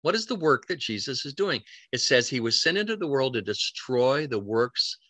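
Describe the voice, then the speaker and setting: Guy preaching a sermon, bright voice, lots of ups and downs, dry close sound. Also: mid-range voice, big pitch swings, no room sound. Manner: earnest, halting, with restarts and scripture quotes.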